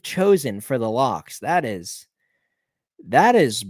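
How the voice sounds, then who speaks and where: A man hosting a live betting picks stream, thinking aloud, repeating team names, correcting himself, swinging between low mutters and excited bursts. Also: slow pace, slightly rough, no room sound, studio quality. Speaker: sports betting show host.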